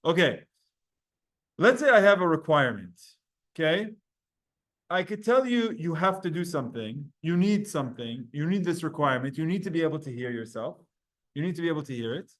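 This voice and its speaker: A man teaching a Talmud class online, energetic and quick, putting questions to his students. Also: on the high side.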